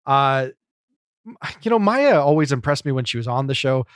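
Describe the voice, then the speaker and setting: A man's voice: mid-range voice, big pitch swings, moderate pace, clean tone, dry recording. A man co-hosting a podcast, musing through an episode review with lots of "you know"s. His voice sits mid-range and the recording is dry, with no room sound. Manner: talkative, analytical, many fillers. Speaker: podcast co-host. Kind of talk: casual chat reviewing a comedy show.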